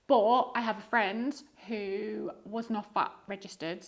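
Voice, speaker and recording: A woman's voice: mid-range voice, steady tone, takes it slowly, gravelly. A woman in her thirties with a diluted Liverpool accent, chatting casually as a guest on a podcast, rambling with fillers and restarts. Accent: diluted Liverpool (Scouse). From Liverpool, England. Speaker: guest eBay reseller.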